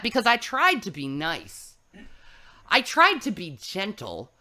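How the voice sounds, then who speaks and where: A woman's voice: medium pitch, huge pitch swings, takes it slowly, bright, forceful tone. A woman delivering a scolding religious rant, preachy and full of profanity. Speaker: religious online streamer. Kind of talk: ranting preachy monologue.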